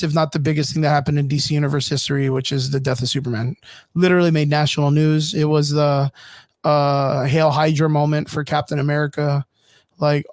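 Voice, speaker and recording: A man co-hosting a casual podcast chat, rambling and cursing through an animated fan rant. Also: on the high side, dry recording. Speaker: podcast co-host.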